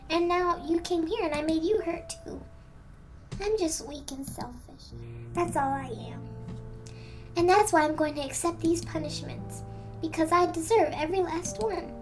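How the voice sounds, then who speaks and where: A fragile teenage girl from a game talks in a very high, soft and shaky voice. She sounds pleading and close to tears. Faint game music plays behind her. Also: moderate pace. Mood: guilty, tearful.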